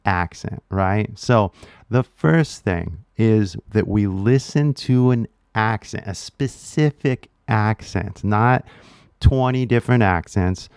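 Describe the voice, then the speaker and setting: Low-voiced Californian teacher, upbeat. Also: male voice, slow pace, gravelly, a little mellow, smooth, dry recording, studio quality. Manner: upbeat, emphatic, checks in with "right?". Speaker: English accent teacher. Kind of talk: casual teaching to camera.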